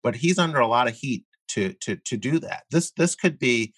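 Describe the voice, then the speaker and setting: A man speaking as a guest in an interview, explaining his views earnestly while halting often with fillers and repeated words. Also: medium pitch, animated, a bit bright, husky, dry recording. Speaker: guest columnist. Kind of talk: conversational interview.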